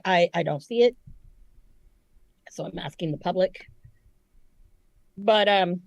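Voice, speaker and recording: This podcast co-host is a woman who tells animated stories in casual chat, swearing a lot. Her pitch is fairly low, and the recording is dry.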